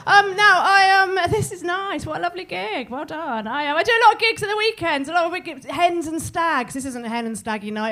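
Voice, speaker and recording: A middle-aged stand-up from southern England works the crowd with bawdy material and cheeky apologies, recorded live in a club as the audience laughs. Her voice sits high and sounds a bit bright.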